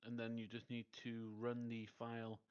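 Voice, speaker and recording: A man's voice: mid-range voice, monotone, normal speed, darkish tone, clear, resonant tone, lo-fi sound. A man co-hosting a game stream, casually and helpfully walking his partner through setup steps. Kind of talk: casual gameplay chat.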